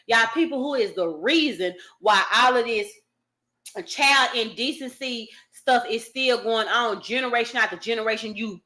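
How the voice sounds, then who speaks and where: Bright, indignant woman commentator. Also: medium pitch. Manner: indignant, emphatic, reads article aloud and rants. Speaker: commentary vlogger. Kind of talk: casual news commentary.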